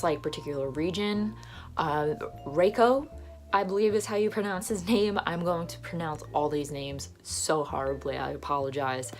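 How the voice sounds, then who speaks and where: A young woman casually retelling and reviewing a film, gushing and full of fillers. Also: deep voice.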